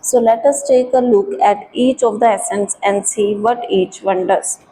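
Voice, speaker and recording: Woman teacher, slow and patient, mellow tone, slight background hiss. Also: mid-range voice, steady tone, low-quality recording. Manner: slow, careful explaining, switching into Hindi. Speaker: French teacher. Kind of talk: classroom lesson.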